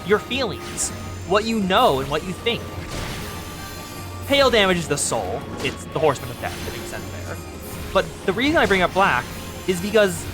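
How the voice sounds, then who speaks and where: A game streamer giving casual, rambling live commentary, talking to chat while playing. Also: medium pitch. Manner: chatty, rambling, addresses chat.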